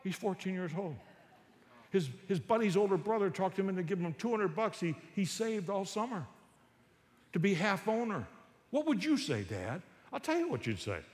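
A man giving a humorous talk on Christian parenting to a church audience, an animated storyteller who acts out parents and kids. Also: high-pitched, normal speed, long reverb tail.

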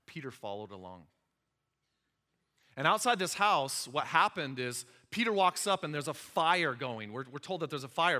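Male pastor, lively preacher, bright forceful voice, long reverb from a large hall. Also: mid-range voice. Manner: animated, asks the audience questions. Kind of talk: sermon.

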